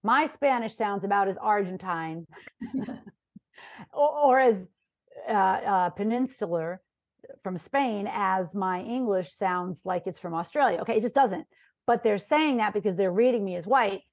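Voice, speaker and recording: A lively woman professor from New York speaks as a podcast guest and tells her stories with energy, often checking in with "right?". The sound is very dry, with no room around it. It is also slightly dull and lo-fi. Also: medium pitch, unhurried, no room sound. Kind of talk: conversational interview. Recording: dry, dull lo-fi remote recording.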